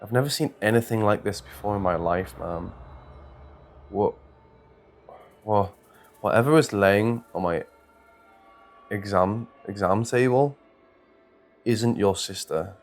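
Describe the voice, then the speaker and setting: A man's voice: lowish voice, expressive, normal speed, faint music behind. A man voicing a frightened male doctor who stumbles and stutters over his words in a horror story reading. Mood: scared, strained. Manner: stuttering, strained. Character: shaken male doctor, stammering and scared.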